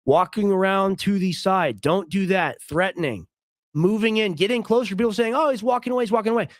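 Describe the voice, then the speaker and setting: Male streamer, emphatic and repetitive, slightly high voice, dry close mic. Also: brisk, no echo. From United States. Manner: emphatic, argumentative, repeats himself. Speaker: streamer host. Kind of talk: casual commentary on a clip.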